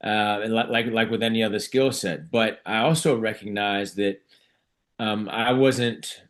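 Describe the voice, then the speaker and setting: A middle-aged man, a physician and author, telling stories in a relaxed, reflective way and often restarting his sentences. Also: lowish voice, unhurried. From United States. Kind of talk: conversational storytelling in an interview.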